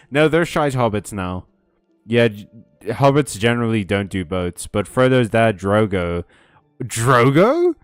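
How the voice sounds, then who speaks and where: A man's voice: medium pitch, dry recording. A man streaming a video game, chatting casually and reading out chat, with sarcastic asides and plenty of swearing. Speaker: gaming streamer. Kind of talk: casual let's-play commentary reading chat.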